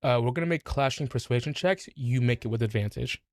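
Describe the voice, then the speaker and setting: A man narrating a tabletop game as game master, in a relaxed, halting way. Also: mid-range voice, no room sound, studio quality.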